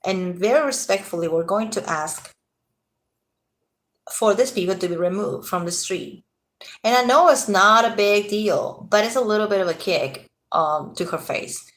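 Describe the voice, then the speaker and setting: A woman's voice: medium pitch, normal speed. A tired woman ranting casually to her viewers in an agitated, rambling way, swearing freely. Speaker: vlogger. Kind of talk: casual rant to camera.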